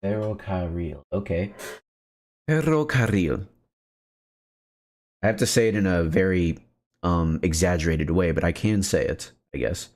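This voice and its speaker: A man's voice: deep voice, fairly even intonation, moderate pace, a little mellow. A man streaming a video game, chatting casually and joking with his viewers as he plays. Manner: playful, joking, chats to viewers. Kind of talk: casual gameplay commentary.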